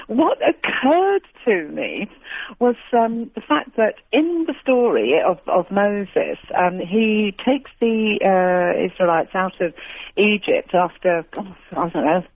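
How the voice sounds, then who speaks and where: A woman's voice: medium pitch, expressive, slow pace, dry recording. A woman calling in to a radio show, telling a long story in a rambling, hesitant way with frequent laughter over a phone line. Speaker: caller. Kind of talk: phone-in chat.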